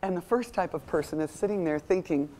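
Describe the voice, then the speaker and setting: A middle-aged woman giving a motivational talk to a live audience, telling stories with lively acted-out voices. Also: lowish voice, a little fast. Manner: animated storytelling, acts out quoted voices. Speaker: motivational speaker.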